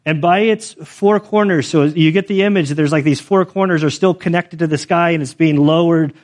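Conversational pastor telling stories from the pulpit. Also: male voice, on the high side, brisk. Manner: casual, conversational, many fillers like "like". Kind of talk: storytelling sermon.

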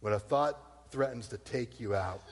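A man preaching a sermon in an animated, emphatic storytelling manner, heard with long hall reverb. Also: medium pitch, unhurried. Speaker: pastor.

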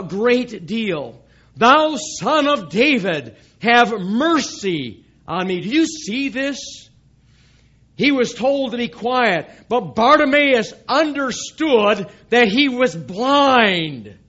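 Male pastor, high voice, slow emphatic sermon delivery, dull lo-fi recording. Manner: emphatic, reads scripture aloud, swells louder on key lines. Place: church service.

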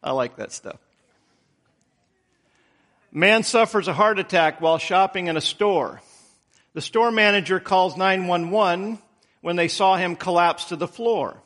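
A man who pastors a church, telling jokes and then preaching a sermon in a halting, reflective way. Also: high-pitched, a bit bright.

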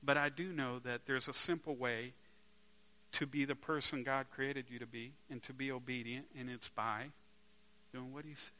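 A man's voice: mid-range voice, fairly even intonation, moderate pace, sharp tone. A man preaching a sermon to a congregation in a conversational way, asking them rhetorical questions and restarting words as he searches for them.

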